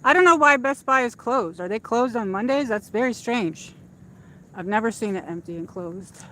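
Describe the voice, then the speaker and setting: A woman's voice: a little high, animated, normal speed, sharp tone. A woman hosting a casual livestream while walking outdoors, chatting in a rambling way with lots of fillers, speaking into a handheld phone. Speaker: livestream host. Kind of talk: casual walk-and-talk chat. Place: outdoors in a shopping area at dusk.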